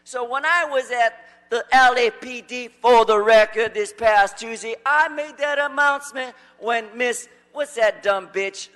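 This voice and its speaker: A man's voice: very high-pitched, a little slow, sharp tone. A man giving public comment at a council meeting, combative and profane, rambling through grievances and legal codes. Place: council chambers. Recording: long hall reverb in a council chamber.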